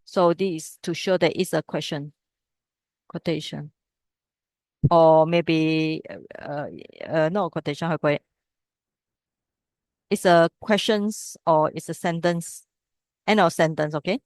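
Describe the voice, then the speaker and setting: A woman's voice: low-pitched, fairly even intonation, measured pace, long pauses, a little mellow, dry recording, clean studio sound. A woman teaching a class on reading old scripture. She explains step by step and keeps checking with the students. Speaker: Pali teacher. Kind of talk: classroom text study lesson.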